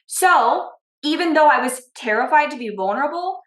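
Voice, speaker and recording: A woman business coach and podcast host, teaching through personal stories in an energetic way and often checking in with "okay?" and "right?". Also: high-pitched, moderate pace, hardly any pauses. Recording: roomy echo.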